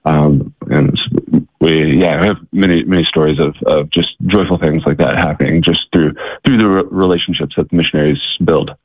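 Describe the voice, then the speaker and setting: A man being interviewed about his ministry work, telling a story with halting restarts and fillers. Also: extremely low pitch, fairly even intonation, slightly rough, dry recording, narrow, tinny audio. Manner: halting, many restarts and fillers, acts out quotes. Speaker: ministry guest.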